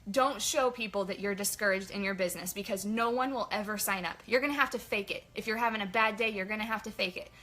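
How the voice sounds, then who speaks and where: Bright-voiced energetic woman giving a pep talk. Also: medium pitch, quick pace, few pauses. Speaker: sales team leader. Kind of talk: casual motivational team training.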